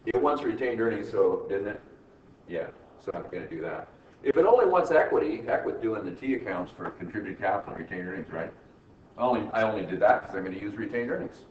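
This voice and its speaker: A man's voice: on the low side, animated, fast talker. A man teaching accounting to a class, peppering students with "right?" questions and wry teasing jokes. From United States. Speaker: accounting instructor. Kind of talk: classroom lecture. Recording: echoey classroom from far off, muffled, faint hiss.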